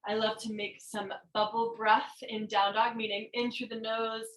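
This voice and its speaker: A woman's voice: on the high side, flat delivery, normal speed, a bit bright. A woman teaching a yoga class, cueing breaths and poses while she demonstrates them, a little out of breath. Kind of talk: guided yoga class instruction. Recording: roomy, mic at a distance.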